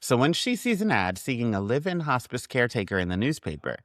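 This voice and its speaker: Man, podcast co-host, crude sarcastic humor, lively pitch, dry close sound. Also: fast talker, dry recording. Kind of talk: casual podcast movie recap.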